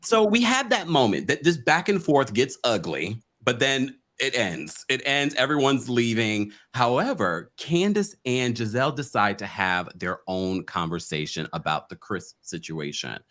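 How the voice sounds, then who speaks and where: A man's voice: mid-range voice, lively intonation, unhurried, hardly any pauses, fairly bright tone. A man hosting a casual online recap chat, jumping between topics and repeating words as he talks. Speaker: host.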